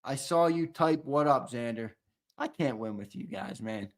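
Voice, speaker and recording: A young man hosting a live-stream giveaway, chatting and teasing viewers in casual banter, with loud hyped countdowns between low mumbled asides. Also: animated, unhurried. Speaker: show host running a live-stream giveaway.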